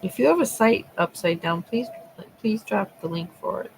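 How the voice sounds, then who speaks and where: Woman, livestream chat, gravelly low fry, casual and chatty, swears, faint hiss behind. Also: animated, normal speed, rough recording. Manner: chatty, swears freely, laughs often. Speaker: livestream host. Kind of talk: casual chat with live viewers.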